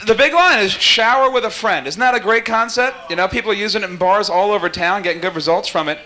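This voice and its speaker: Man, high voice, bright tone, wisecracking warm-up host, jokey stage banter. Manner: quick wisecracking, teasing guests. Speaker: talk show warm-up host.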